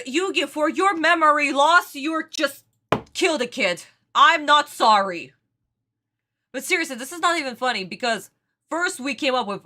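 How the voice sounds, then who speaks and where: Her voice is high-pitched, bright, and forceful, with lively intonation at a normal speed. Hosting a reaction video, this woman rants in exasperation and laughs at the show in casual commentary.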